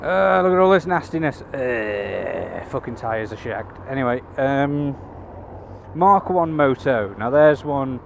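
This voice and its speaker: A motorcycle vlogger with a gravelly, mid-range voice speaks slowly but animatedly as he rides in city traffic. Chatting casually into his helmet cam, he swears freely and makes wry asides amid road and engine noise.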